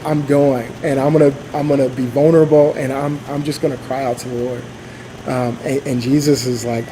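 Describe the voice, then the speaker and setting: A man's voice: medium pitch, mellow, a little hiss or hum, rough recording. A man giving an informal sermon at church, speaking casually with many fillers, restarts and asides. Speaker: church leader.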